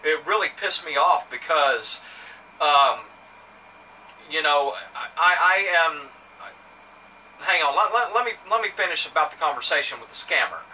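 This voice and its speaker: This vlogger from Mississippi speaks in a high-leaning, bright, forceful voice with lively intonation, going a little slowly and leaving long pauses. His Southern-accented story to camera is rambling and indignant, packed with fillers and restarts. Audio comes from a somewhat distant mic, with faint ambient noise.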